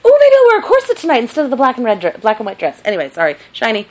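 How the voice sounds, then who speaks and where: A woman's voice: a little high, huge pitch swings, racing. A woman hosting a podcast in casual chat, giggly and rambling, often drifting off topic. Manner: giggly, rambling, easily sidetracked. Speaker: podcast host.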